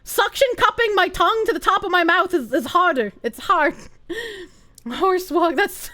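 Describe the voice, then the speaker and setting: A woman's voice: very high voice, a little slow, sharp tone, no room sound. A woman streamer chatting casually on a live stream, reading out viewer messages. She is giggly and loose, swears freely and laughs often.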